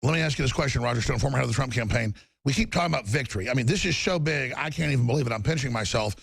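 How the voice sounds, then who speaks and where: A middle-aged man hosting heated political talk, combative and fast, mocking people with put-on quotes. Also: medium pitch, vocal fry, a bit bright, breathy edge, dry recording. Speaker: talk show host.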